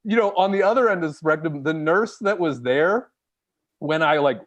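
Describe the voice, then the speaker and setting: A man's voice: fairly high pitch, moderate pace. A man, a stand-up comedian, telling a funny personal story in casual, jokey chat. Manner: animated, jokey, acts out voices of others.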